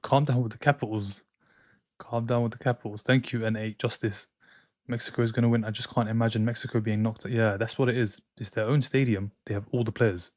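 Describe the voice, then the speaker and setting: A man's voice: fairly low pitch, fairly even intonation, a little fast, a little mellow, no room sound. Man chatting on a live stream, dry sound. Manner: reads out and answers viewer chat, opinionated banter. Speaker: football watchalong streamer. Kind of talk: casual live-stream chat. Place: home streaming room in France.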